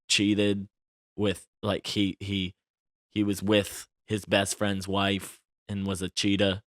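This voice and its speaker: Chatty, bright-voiced male podcast host. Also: on the low side, dry recording, clean studio sound. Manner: expressive and chatty, with frequent tag questions. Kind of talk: casual celebrity gossip chat.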